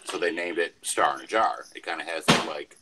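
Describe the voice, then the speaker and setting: A man's voice: extremely low pitch, fairly quick, heavy background noise. A man on an online panel, explaining a science idea with fillers and restarts. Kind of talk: casual panel chat.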